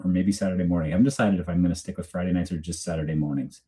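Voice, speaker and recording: A man's voice: low voice, steady tone, rapid-fire, mellow. A man hosting a true crime live stream, chatting casually and rambling, often restarting his sentences. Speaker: host of a true crime channel. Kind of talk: casual live-stream chat, reading viewer comments. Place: home.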